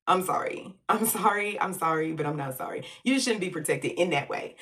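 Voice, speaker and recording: A woman's voice: on the low side, normal speed, few pauses, fairly bright tone, distant mic. A woman from the United States giving blunt, slangy opinion commentary in a vlog, laughing often and taking asides. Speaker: vlogger.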